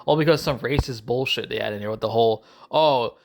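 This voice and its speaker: A man's voice: mid-range voice, quick pace, creaky, a little hiss or hum. A man ranting angrily through a video movie review, swearing and repeating himself, with frequent restarts. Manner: angry, profane, repetitive ranting; restarts and stumbles often.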